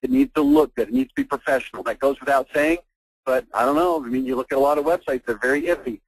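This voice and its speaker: Blunt worked-up guy pitching marketing on a call, gravelly, dry close sound. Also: big pitch swings, fast talker, dry recording, low-quality recording. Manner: fired-up, ranting, blunt. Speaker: marketing webinar presenter. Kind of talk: persuasive sales presentation. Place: online call.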